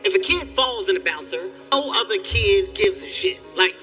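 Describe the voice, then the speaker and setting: A man doing a stand-up comedy set, telling animated stories and acting out the people in them. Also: high-pitched, normal speed, far from the mic, soft background music. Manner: animated storytelling, acts out characters, yelling bits. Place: theater stage before a live audience.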